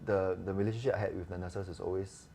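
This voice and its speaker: A man's voice: low-pitched, fast, vocal fry, crowd noise. A man with a Singaporean English accent, a doctor guest telling stories in a casual chat, acting out the dialogue as he goes. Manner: chatty, animated, acts out quoted dialogue. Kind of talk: casual podcast storytelling.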